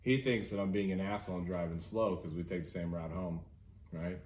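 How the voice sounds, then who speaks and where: A man's voice: low voice, brisk. A man hosting a casual podcast chat, telling a work story with lots of swearing. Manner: animated storyteller, swears freely. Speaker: podcast host. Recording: echoey room, faint noise.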